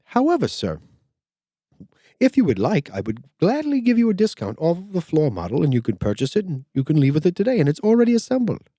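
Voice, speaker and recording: A man's voice: a little high, huge pitch swings, fairly quick, dark tone, breathy edge, dry recording, studio quality, pitched above the performer's own voice, exaggerated voice. Older man mimicking a stiffly polite store clerk. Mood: formally polite. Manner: stiff, courteous, keeps saying sir. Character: overly polite formal male store associate.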